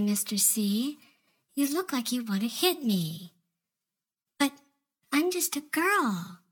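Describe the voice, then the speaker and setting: Using a high-pitched, husky, exaggerated voice, a woman performs a role-play monologue as a young office intern who is obsessive and manipulative. She sounds sweet and coy, slipping into soft whispers.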